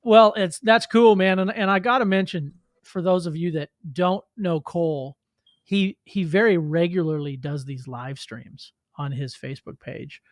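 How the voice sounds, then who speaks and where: A man's voice: high-pitched, fairly even intonation, moderate pace. A man hosting a casual music interview, speaking in a slightly raised voice. The room around him is dry and close, with little echo. He reacts eagerly and keeps dropping in "man". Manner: enthusiastic reactions, says "man" often. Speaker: podcast host.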